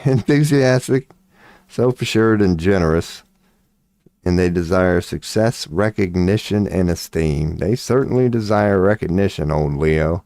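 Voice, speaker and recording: A man's voice: sits low, darkish tone, no echo. A man hosting an astrology live stream, talking casually and profanely while he works on his computer. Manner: laid-back, profane, muttering while working on the computer.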